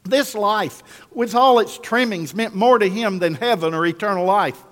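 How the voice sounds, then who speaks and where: An emphatic male pastor preaching a sermon, driving points home through repetition and calls to the congregation. His voice sits slightly high and rings with a long echo through a large hall. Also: moderate pace, a bit bright.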